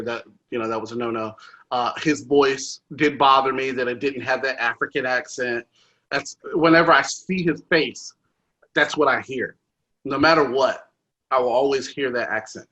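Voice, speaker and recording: A man with a bright, clear voice hosts a podcast in an easy, loose chat. He rambles, restarts his sentences and fills the gaps with ums and uhs. His voice sits at an ordinary middle pitch. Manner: rambling, with many fillers and restarts. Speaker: podcast host. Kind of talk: casual movie review chat.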